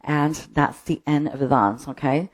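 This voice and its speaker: A woman's voice: low-pitched, moderate pace. A woman teaching a line dance from home, calling out steps and counts in short bursts and often checking in with "okay?". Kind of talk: dance lesson with counted cues. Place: her own home. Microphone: streaming setup.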